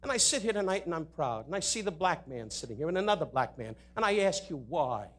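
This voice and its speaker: A man at a benefit dinner in a hotel ballroom, delivering an insult comedy roast in rapid jabs and mock-sincere asides into a podium microphone. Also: fairly high pitch, sing-song, a bit bright. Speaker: comedian roasting the guest of honor.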